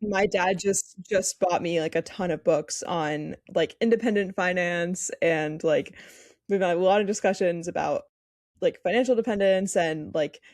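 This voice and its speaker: A woman's voice: on the low side, moderate pace, darkish tone, no room sound, studio quality. Fired-up young woman co-host. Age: young adult. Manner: emphatic, fired-up ranting. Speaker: podcast co-host. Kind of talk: casual podcast chat.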